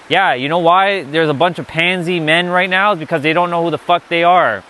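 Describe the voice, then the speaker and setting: A man's voice: on the high side, steady tone, brisk, few pauses, a bit bright. A man giving an unscripted spiritual lesson, blunt and emphatic, often swearing. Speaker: spiritual teacher.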